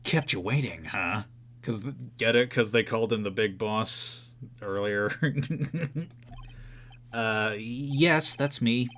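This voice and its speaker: A man's voice: lowish voice, slow pace, a bit bright. A young man voicing a game's dialogue, with jokey, self-mocking asides. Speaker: let's play voice actor. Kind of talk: game playthrough with voiced dialogue.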